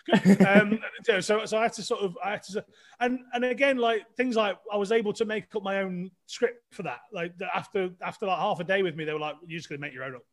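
Chatty high-voiced man. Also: fairly quick. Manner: chatty, self-deprecating, many restarts. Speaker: guest. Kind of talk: casual storytelling.

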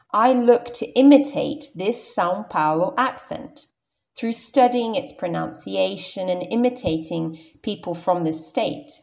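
British rp lady teacher, slow and careful, bit of vocal fry. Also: medium pitch, a little mellow. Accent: modern RP British English. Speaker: English teacher. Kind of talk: scripted podcast lesson.

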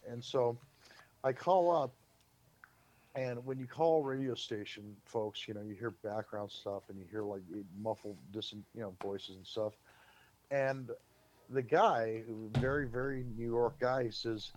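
Man telling lively anecdotes. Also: mid-range voice, measured pace. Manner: lively anecdote-teller, acts out quotes. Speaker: publicist. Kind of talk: casual storytelling on a podcast.

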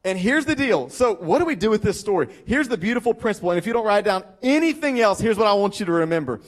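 A man's voice: sits high, sing-song, fast, hardly any pauses. A man with a Southern US accent, a pastor preaching a sermon in a conversational storytelling way with self-deprecating asides. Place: church.

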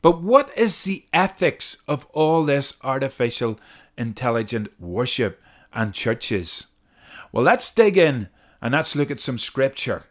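A man's voice: mid-range voice, very animated, measured pace. A man hosting a Christian podcast, earnestly explaining clips and reading scripture, repeating key phrases for emphasis. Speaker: podcast host. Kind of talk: podcast commentary.

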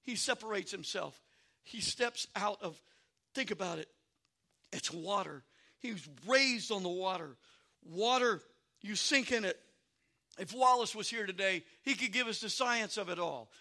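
Speaking a little slowly in a voice that sits high, a male pastor delivers a sermon. He moves from quiet, conversational asides to shouted stretches, saying "I'm telling you" again and again.

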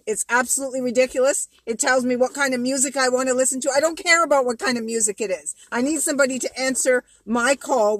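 A woman's voice: on the high side, fairly bright tone. A woman playing an exasperated caller. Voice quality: exasperated, stammering complaints. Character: irate female customer stuck on hold.

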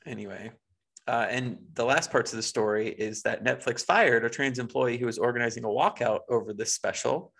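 A man's voice: medium pitch, brisk, creaky, a bit bright. A man co-hosting a podcast, chatting casually and reading news quotes aloud in a wry, blunt way. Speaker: podcast co-host.

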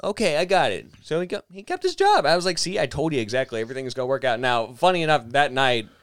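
A young adult man telling a loud, profane story on a podcast and putting on voices for the people in it. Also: mid-range voice, fast, smooth, dry recording, studio quality. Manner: loud, profane, animated, does voices in quotes. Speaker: podcast co-host. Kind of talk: casual storytelling.

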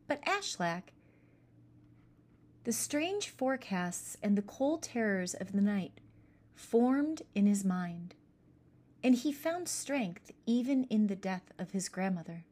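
A woman narrates a storybook aloud in a measured, gentle manner. She takes her time, with a middle-pitched voice and a slow pace. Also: sing-song.

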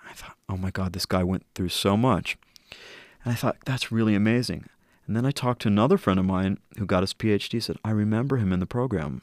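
A middle-aged man telling a personal story in an earnest, reflective way, slowing down at key moments. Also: on the low side, darkish tone, no echo, clean studio sound. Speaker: interview guest.

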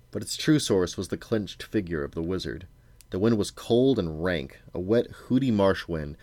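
Deep-voiced dad, steady bedtime-story read, dry close sound. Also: male voice, no room sound. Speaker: father reading to his sons. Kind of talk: reading a storybook aloud.

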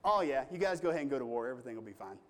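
Preacher doing a cheeky, blunt male prophet; raised pitch. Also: animated, rapid-fire, a little mellow, natural voice. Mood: mock cheerful. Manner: sarcastic, then blunt. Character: bold sarcastic male biblical prophet.

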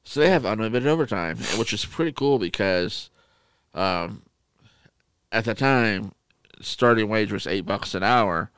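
A man co-hosting a podcast, telling stories in casual chat, animated and profane. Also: lowish voice, measured pace, smooth, no room sound. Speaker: podcast co-host.

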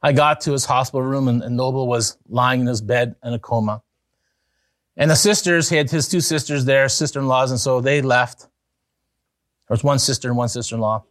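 A man preaching an evangelistic sermon as pastor, telling a story in an earnest way that rises to excited emphasis. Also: mid-range voice, brisk, dry recording, clean studio sound.

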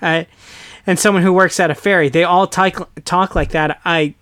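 A young man from the United States talks in a loose, animated way and keeps slipping into playful put-on voices. His voice sits a little high for a man. The sound is dry and close, with no room around it. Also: normal speed, no room sound. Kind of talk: casual chat.

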